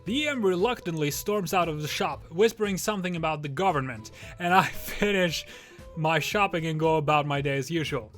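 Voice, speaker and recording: A man's voice: fairly high pitch, a bit bright, faint music behind. A young man reading a story aloud and commenting with wry reactions. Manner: wry, quick reactions and laughs.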